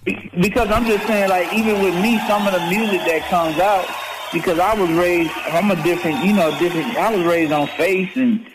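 A man's voice: high voice, fairly quick, background noise. A man speaking bluntly and profanely in a casual interview, with a lot of repeated words and restarts. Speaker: rap artist in an archived interview clip.

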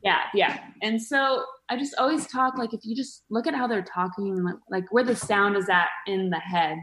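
A woman's voice: medium pitch, moderate pace, fairly bright tone, echoey room, slight background noise. A woman comedian chatting as a podcast guest, rambling with lots of fillers and restarts. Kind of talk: casual podcast chat.

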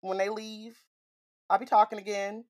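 A woman's voice: medium pitch, flat delivery, moderate pace, a little mellow. A woman co-hosting a book podcast, joking in a slangy, casual way. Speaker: podcast co-host.

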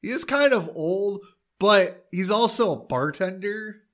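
A man's voice: high-pitched, expressive, measured pace, a bit bright. Chatty man recapping with fillers. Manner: recaps plot with many fillers and quoted lines. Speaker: podcast co-host recapping an episode. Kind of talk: casual chat.

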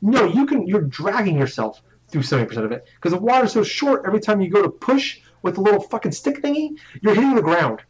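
A man's voice: high voice, big pitch swings, quick pace, few pauses. Young guy rambling thru a story, swears a lot, keeps restarting, kinda muffled lo-fi sound. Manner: rambling, profane, self-mocking, restarts often. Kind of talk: casual storytelling chat. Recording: slightly dull lo-fi audio.

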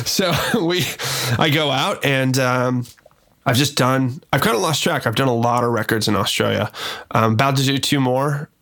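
A man's voice: mid-range voice, fairly bright tone. Profane American man chatting. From United States. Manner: loose and profane, many fillers. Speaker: record producer guest. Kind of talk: casual podcast chat.

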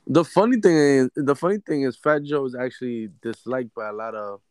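A man's voice: mid-range voice, fairly quick, darkish tone, smooth, no room sound. A man co-hosting a casual chat, blunt and dryly teasing. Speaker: podcast co-host.

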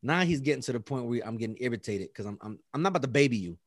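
Casting note: man, casual storyteller, medium pitch, dry close sound, animated, often laughs. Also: rapid-fire, no room sound. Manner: animated, acts out dialogue, laughs often, heavy profanity. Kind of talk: casual chat.

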